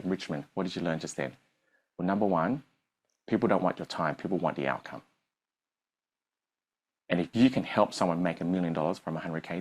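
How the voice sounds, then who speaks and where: A man, a business coach telling a story on stage to a live audience and acting out the dialogue. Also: low voice.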